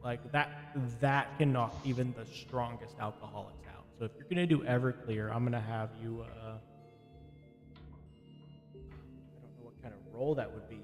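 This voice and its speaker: A man's voice: medium pitch, steady tone, big-room sound, soft background music. Rambling man running a tabletop game. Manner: rambling, halting, lots of restarts. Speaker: game master.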